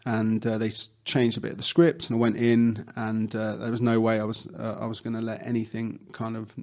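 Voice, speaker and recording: A man's voice: on the low side, completely flat delivery, fairly quick, darkish tone. A young adult man, an actor guest, chatting casually in an interview and telling stories with lots of fillers and restarts.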